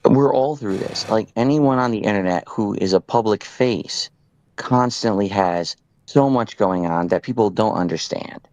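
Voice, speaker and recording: A man's voice: lowish voice, moderate pace, a little mellow, dry recording, poor audio. A drunk man on a late-night call with another streamer, talking earnestly and reassuringly in long rambling repetitions.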